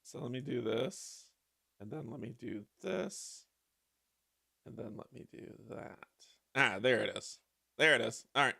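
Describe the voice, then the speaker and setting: A man with a raspy, hoarse voice, chatting casually as host of a card game livestream and greeting his viewers. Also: mid-range voice, expressive, a little slow, bright, forceful tone, no echo. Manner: chatty, laughs often, talks to his viewers.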